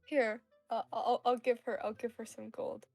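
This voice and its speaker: A woman player in a tabletop game, teasing and quick with banter. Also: on the high side, little pitch movement, vocal fry, a little mellow, soft background music. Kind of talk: casual tabletop play.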